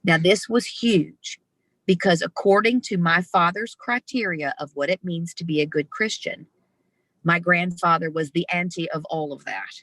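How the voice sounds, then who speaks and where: Female guest, lower pitch, bright and expressive, dry close sound, video call. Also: normal speed, dry recording. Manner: animated, expressive storyteller. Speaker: interview guest. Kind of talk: storytelling in conversation.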